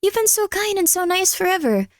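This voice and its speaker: A woman's voice: very high voice, sing-song, fairly quick, dry recording, clean studio sound. A young adult woman streamer chatting casually with her viewers in a rambling, talkative way. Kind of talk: casual live-stream chat.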